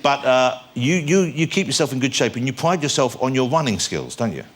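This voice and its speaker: A British man hosting a studio talk show, his voice in a middle pitch. He asks questions wryly and loves to tease his guest. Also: big pitch swings, fairly quick. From England. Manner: wry, teasing questioning. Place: television studio with audience.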